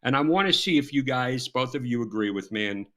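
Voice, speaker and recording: Lively Southern man telling war stories. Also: medium pitch, fairly quick. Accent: Southern American. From American South. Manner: emphatic, storytelling, self-deprecating and sarcastic. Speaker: guest, former FBI agent turned cybersecurity speaker. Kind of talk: animated interview conversation. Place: remote video call. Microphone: video call.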